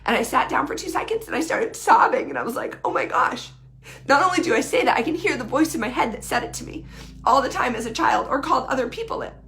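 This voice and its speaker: A woman's voice: sits high, animated, fast, vocal fry, fairly bright tone. A woman, talking casually and earnestly to her followers on a live video, repeating phrases for emphasis.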